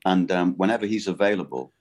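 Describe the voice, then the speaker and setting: A middle-aged man with a deep, low voice, chatting as a voice actor guest in a rambling, halting way. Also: a little mellow. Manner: rambling, halting and self-correcting. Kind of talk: casual interview chat.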